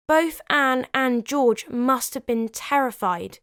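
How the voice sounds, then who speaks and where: A woman's voice: high voice, takes it slowly, clean tone, no room sound, studio quality. A young woman hosts a history channel, narrating a script and breaking off for wry, opinionated asides. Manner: lively, opinionated storyteller who adds wry comments.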